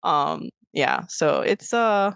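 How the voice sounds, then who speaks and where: A woman's voice: low-pitched, expressive, takes it slowly, creaky, fairly bright tone, clear, resonant tone, no echo. A woman co-hosting a podcast in casual chat, rambling with many fillers and restarts, acting out quoted voices as she tells stories. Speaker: podcast co-host.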